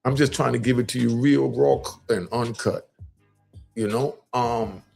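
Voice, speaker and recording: A man's voice: mid-range voice, steady tone, unhurried, creaky, a little mellow, faint music behind. A middle-aged man hosting a live stream, giving street-wisdom commentary in a preachy way and repeating key lines for emphasis.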